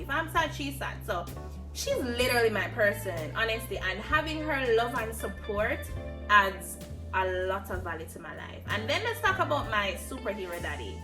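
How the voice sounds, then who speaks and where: A Jamaican woman in her twenties speaking earnestly in a reflective personal vlog. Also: mid-range voice. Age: 20s. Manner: earnest, heartfelt, emphatic. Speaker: vlogger. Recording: distant mic with music behind. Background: music.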